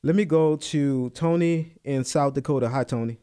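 A man's voice: on the high side, moderate pace, dark tone, smooth. A man hosting a Christian call-in radio show, taking callers and offering brief agreement. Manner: brief affirming backchannels.

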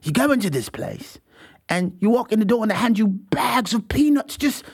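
A commentary show host giving opinionated, digressive commentary in an animated voice, often stumbling into restarts. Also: medium pitch, moderate pace, husky. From United States.

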